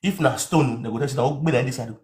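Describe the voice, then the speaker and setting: A man with a Nigerian accent giving an animated comic rant, swinging into shouts and mock accents. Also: mid-range voice, quick pace. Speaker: comedian.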